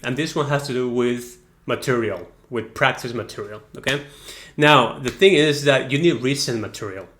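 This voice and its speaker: A man's voice: mid-range voice, a bit bright. A man teaching an online exam-prep lesson, explaining step by step and often checking in with "okay?" and "right?".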